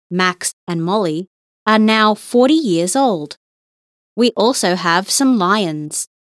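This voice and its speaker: A woman reading English listening-test passages slowly and with careful enunciation. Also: medium pitch, no room sound, clean studio sound. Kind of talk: scripted exam reading.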